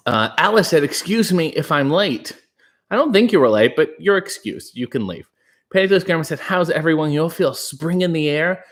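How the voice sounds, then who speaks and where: Deadpan man chatting on a livestream. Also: a little high, moderate pace. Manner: deadpan, dry jokey asides. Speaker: livestream host reading chat. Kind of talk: casual livestream chat.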